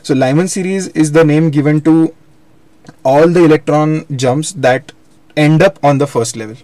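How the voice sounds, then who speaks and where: A man's voice: fairly high pitch, normal speed, mellow, no room sound. A young man giving a live online physics lecture, explaining step by step and correcting himself as he goes. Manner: explanatory, repeats and self-corrects. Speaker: physics teacher.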